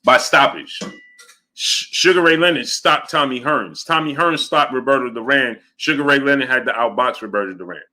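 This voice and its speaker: A man's voice: medium pitch, moderate pace, pushed and bright. A man hosting a boxing livestream, arguing his points emphatically and repeating them while reading out viewer chat messages. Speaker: boxing show host.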